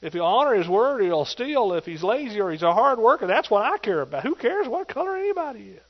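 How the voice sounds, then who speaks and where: Preaching to his congregation, this man uses a high, ringing voice and hammers each point with emphatic call-and-response drive. He talks fast in a sing-song way. Muffled treble leaves the lo-fi recording sounding dull.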